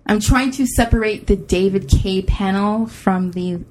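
A woman's voice: medium pitch, a little slow, a little mellow, a little hiss or hum, poor audio. A woman co-hosting a casual podcast chat, talking eagerly and repeating words for emphasis. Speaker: co-host.

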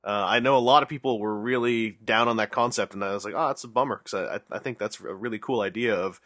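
Male podcast host, bright and eager, rambling casual chat, dry close sound. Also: lowish voice, steady tone, fast, no echo. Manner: enthusiastic, rambling with fillers.

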